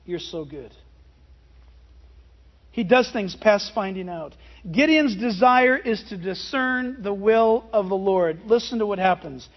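A man delivers a sermon as pastor, his voice pitched unusually high. He preaches with emphatic, animated energy, leaning on rhetorical questions. The recording sounds dull and lo-fi. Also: a little slow.

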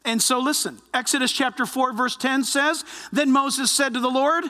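A man preaching a sermon, animated, often acting out the voices of those he quotes. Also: extremely high pitch, moderate pace, hardly any pauses, in a large hall. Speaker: pastor.

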